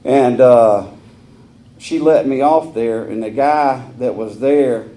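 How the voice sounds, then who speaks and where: Candid man with a mellow voice. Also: medium pitch, takes it slowly. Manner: candid, earthy storytelling. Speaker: AA speaker. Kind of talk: personal recovery story at a meeting. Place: meeting hall.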